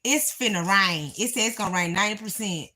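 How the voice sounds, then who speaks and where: A woman's voice: mid-range voice, a little fast, a little hiss or hum. A woman hosting a casual video from her home, talking emphatically to her viewers. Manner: animated, emphatic, speaks in Southern-style vernacular. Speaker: reaction video host. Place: home, indoors. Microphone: phone or camera nearby.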